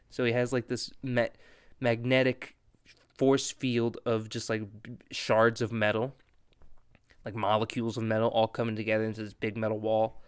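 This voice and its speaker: A man's voice: medium pitch, fairly even intonation, normal speed, clean tone, no echo, clean studio sound. A man hosting a podcast, recapping a comic story in a chatty, wry way. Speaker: podcast host. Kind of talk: casual comic book recap.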